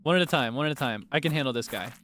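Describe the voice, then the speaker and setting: A man's voice: mid-range voice, racing, fairly bright tone, slight background noise. A young man streaming a game, chatting casually and nervously, scolding monsters on screen and laughing at himself. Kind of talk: casual gameplay commentary. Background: game music.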